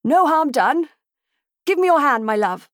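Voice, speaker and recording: A woman doing a hearty, cheerful Regency gentleman. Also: high voice, lively intonation, unhurried, no room sound, studio quality, voice pushed up. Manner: hearty, brave-faced exclamations. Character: cheery, upbeat gentleman of the 1810s.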